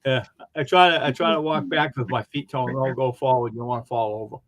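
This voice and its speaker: A man's voice: medium pitch, fairly even intonation, quick pace, fairly bright tone, no echo. A man chatting casually on a live stream, often repeating short agreeing phrases. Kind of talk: casual chat.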